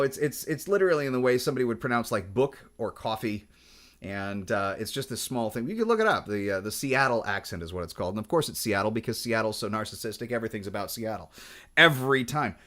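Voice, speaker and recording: Fairly low in pitch with a fairly bright tone, a man from Washington State chats about guitars. He's a guitar vlogger with a Pacific Northwest accent, and his casual talk wanders, packed with restarts and fillers.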